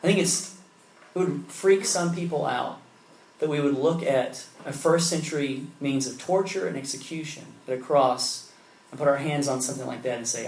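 A man preaching a sermon in a relaxed, conversational way, telling a story with many casual fillers. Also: fairly high pitch, normal speed, gravelly, roomy sound, a little hiss or hum, rough recording. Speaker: pastor.

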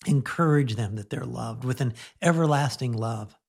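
A middle-aged man giving a conversational radio sermon, chatting gently and laughing now and then, then leading a prayer. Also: mid-range voice, normal speed, vocal fry. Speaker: pastor.

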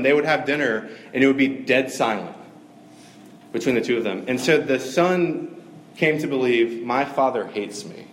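A man's voice: mid-range voice, a little hiss or hum. A man giving a conversational, earnest sermon, with frequent fillers. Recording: echoey room with faint ambience.

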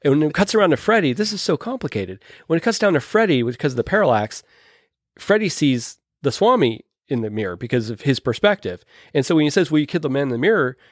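A man's voice: on the high side, very animated, brisk, no echo, clean studio sound. A man chatting casually about old films, rambling with many restarts and plenty of enthusiasm. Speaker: podcast host or guest discussing films. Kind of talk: casual chat.

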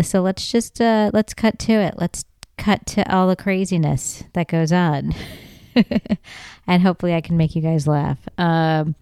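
Middle-aged woman, comedy podcast host, unhurried rambling storyteller, smooth dry close-mic sound. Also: on the low side, darkish tone, no echo. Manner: chatty, rambling, with frequent fillers and laughs; blunt and profane.

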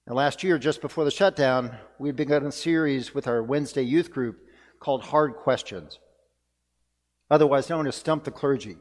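A man's voice: medium pitch, moderate pace. Reflective preaching man, reverberant church. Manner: earnest, reflective preaching with emphatic repetition. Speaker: pastor. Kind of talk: sermon. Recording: long reverb of a church hall.

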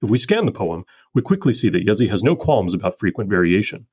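A man with a fairly low, breathy voice talks through the meter of a poem in a scripted, measured way. He explains each point methodically, like a podcast host giving a close reading. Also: sing-song, a little mellow, no echo. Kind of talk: scripted poetry analysis.

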